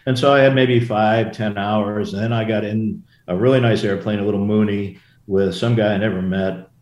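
A man's voice: lowish voice, steady tone, normal speed, darkish tone. An older man, a former Marine aviator, telling stories in a casual interview, rambling with many restarts and asides. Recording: roomy echo.

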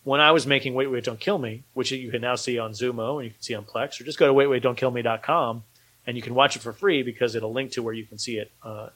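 Husky-voiced man chatting about movies. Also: medium pitch, fairly even intonation, fast talker, fairly bright tone, rough recording. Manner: rambling, enthusiastic, many restarts. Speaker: podcast host and filmmaker. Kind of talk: casual chat.

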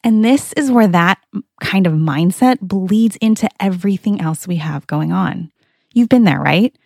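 A woman's voice: medium pitch, darkish tone, no room sound, clean studio sound. A woman hosting a show for moms, giving an upbeat, confiding talk straight to the listener. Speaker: podcast host. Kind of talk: scripted motivational talk.

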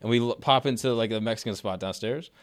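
A young man hosting a podcast, chatting casually and excitably and laughing often. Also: mid-range voice, quick pace. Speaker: podcast host. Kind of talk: casual chat.

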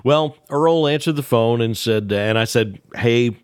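A man telling an anecdote in a lively, casual way, acting out the dialogue as he goes. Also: mid-range voice, measured pace, smooth, no echo, clean studio sound. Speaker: banjo player sharing a memory. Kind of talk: storytelling.

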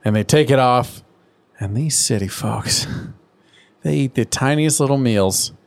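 A man co-hosting a relaxed podcast, recapping a cartoon episode in casual chat. He talks at an even middle pitch, lively and quick to slip into playful voices. The talk stays loose and friendly between two hosts. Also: vocal fry. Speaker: podcast co-host.

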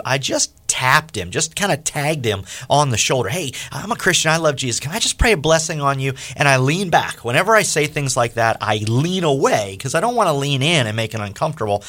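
A man hosting a faith radio interview, telling a story with lively acted-out quotes. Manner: animated, acts out quoted speech with big pitch jumps. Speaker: radio show host.

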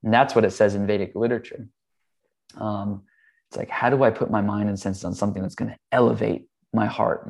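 A man with a somewhat low voice speaks in an easy, conversational way. He explains meditation earnestly and moves into a personal story. He talks freely and drops in casual fillers like "um" and "like". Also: creaky. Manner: earnest, relaxed, with "like" and "um".

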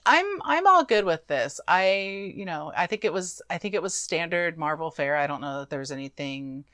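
A woman's voice: deep voice, lively intonation, normal speed, a bit bright, no room sound, studio quality. A woman co-hosting a casual movie review chat, easygoing and defending the film.

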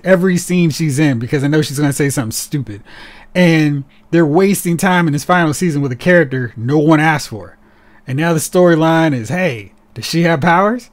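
A man co-hosting a casual podcast, talking in an animated, sarcastic way and slipping into mocking voices. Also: on the high side, brisk. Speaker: podcast co-host. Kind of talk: casual chat.

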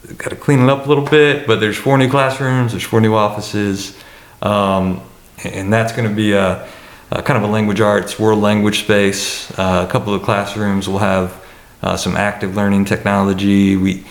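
A man with a low voice talks through campus plans on a panel, halting and restarting often. The room is echoey. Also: little pitch movement. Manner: hesitant, many fillers and restarts. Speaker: college administrator. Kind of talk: panel discussion answer.

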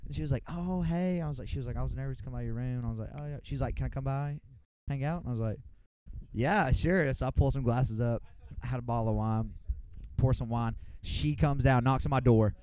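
A man's voice: mid-range voice, quick pace, a little mellow, clean tone. A young man on a casual podcast, rambling through a profane, boisterous anecdote. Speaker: podcast co-host. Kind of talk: casual storytelling among friends.

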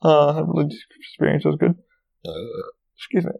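A man with a very gravelly, dark voice rambles through a casual story, swearing freely and filling gaps with ums and you-knows. His voice sits a little high for a man, and the recording sounds dull and lo-fi. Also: lively intonation, brisk. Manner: rambling, profane, full of fillers. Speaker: podcast host.

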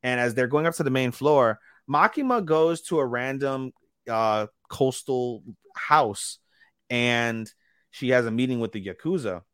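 A man co-hosting a podcast, telling a rambling, animated recap that quotes characters and swears freely. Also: mid-range voice, a little slow, smooth, no room sound, studio quality. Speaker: podcast co-host. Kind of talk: casual chat recapping anime.

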